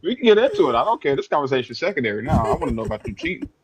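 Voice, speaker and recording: A man's voice: medium pitch, huge pitch swings, rapid-fire, husky, no echo, low-quality recording. Guy arguing on a podcast, blunt and cussing, mid voice, dry mic. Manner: blunt, profane, argumentative. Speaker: podcast co-host. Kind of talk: casual chat.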